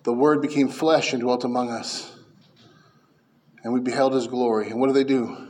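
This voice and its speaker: A man preaching a sermon as pastor, fervent and emphatic, dropping to hushed lines and rising to loud peaks. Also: mid-range voice, steady tone, normal speed.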